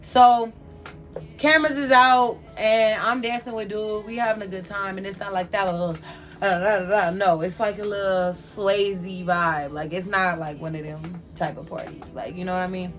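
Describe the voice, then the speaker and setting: A young adult woman telling a casual storytime from her own life, animated, slangy and candid. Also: medium pitch, normal speed, soft background music. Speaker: vlogger telling a personal story.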